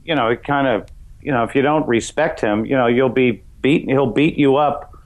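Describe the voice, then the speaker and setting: A middle-aged man from New York's Westchester County, a comedian guest talking in a loose, rambling way, full of "you know" fillers. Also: normal speed. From Westchester County, New York. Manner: acts out voices in high shouts. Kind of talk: casual interview chat.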